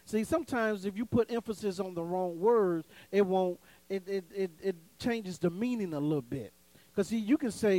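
A man preaching a sermon, calling for responses from the congregation, swinging between soaring emphasis and low, folksy asides. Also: lively intonation, moderate pace, a little mellow, no room sound, low-quality recording. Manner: call-and-response preaching, dramatic swings in pitch and volume; folksy, conversational asides with laughter.

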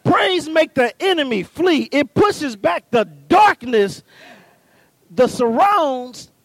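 High-voiced fervent male preacher. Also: takes it slowly, dry recording. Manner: builds from calm teaching to fervent shouting; folksy, punchy, talks straight to the congregation. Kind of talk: sermon.

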